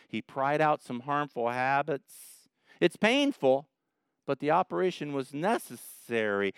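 A man preaches a sermon in a smooth, resonant voice. He pitches fairly high, and his delivery moves between quiet earnest passages and animated stories. The sound is dry and close. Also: dry recording. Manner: animated storytelling, acts out voices and shouts, laughs at own jokes. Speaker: pastor.

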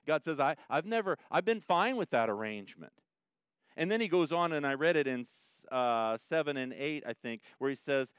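A man's voice: smooth, dry recording. Conversational male pastor preaching a sermon. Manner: conversational, rising to emphatic, then dropping low.

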